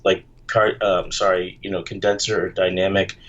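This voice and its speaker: A man calling in to a live stream, stumbling over his words as he asks his question. His voice sits fairly low and comes through dull and muffled over the call audio. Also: flat delivery, moderate pace, fairly bright tone. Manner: hesitant, stumbling over words with many fillers. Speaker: caller.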